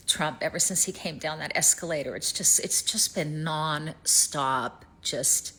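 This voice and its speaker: Worried Southern woman, lower pitch. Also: unhurried, hardly any pauses, sharp tone, a little hiss or hum. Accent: Southern American. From East Tennessee, United States. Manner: worried, rambling, trails off to near-whispers. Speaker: vlogger. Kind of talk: casual personal vlog. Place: rented home in Canada.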